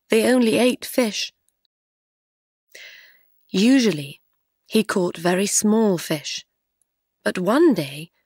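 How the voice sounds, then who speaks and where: Woman reading a simple story super slow and clear, dry close mic. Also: medium pitch, no echo. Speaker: story narrator. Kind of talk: slow scripted narration for English learners.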